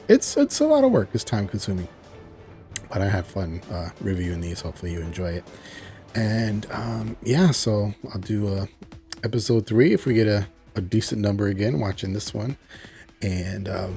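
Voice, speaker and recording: A man casually recapping a cartoon episode, rambling with lots of fillers and excited exclamations. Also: fairly low pitch, creaky. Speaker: show reviewer.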